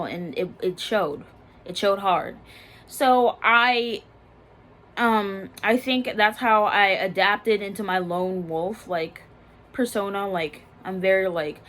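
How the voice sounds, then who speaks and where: A young woman telling a personal story in a casual, halting way, full of fillers and restarts, often subdued. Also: medium pitch, fairly bright tone. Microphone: phone.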